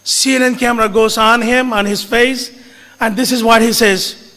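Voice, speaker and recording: A man tells a story to an audience, slow and earnest. His voice sits high and bright for a man. It rings with a long reverb, as in a hall. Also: fairly even intonation. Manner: earnest, deliberate, mixes in Hindi phrases. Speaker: speaker recounting his media engagement.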